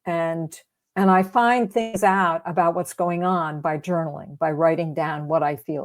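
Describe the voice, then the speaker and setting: A woman's voice: fairly low pitch, steady tone, a little slow. A woman guest, a grief coach, explaining her methods in a reflective, casual interview. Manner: reflective, explaining with many fillers.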